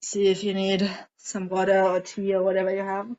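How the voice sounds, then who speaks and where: A woman coaching a group through a guided tapping and emotion-release exercise, speaking in a gentle, coaxing way and asking many guiding questions. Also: medium pitch, completely flat delivery, fairly quick, lo-fi sound. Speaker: emotional eating coach leading a group session.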